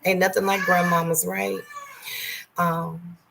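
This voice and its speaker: A middle-aged woman chats live with her viewers from home, her fairly low voice carrying a gravelly rasp. She greets people by name in between confiding stories, going quiet and slow when the memories hurt. A faint hum of room ambience sits behind her. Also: level tone. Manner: candid and confiding, speaks softly and slowly on painful memories. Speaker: livestream host. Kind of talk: casual live-stream chat.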